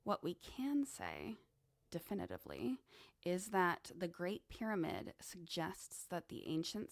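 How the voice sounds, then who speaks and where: Woman podcast host, low and slow, gravelly, dry close sound, musing monologue. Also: dry recording. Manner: slow, musing, conversational with asides. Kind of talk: casual monologue on esoteric topics.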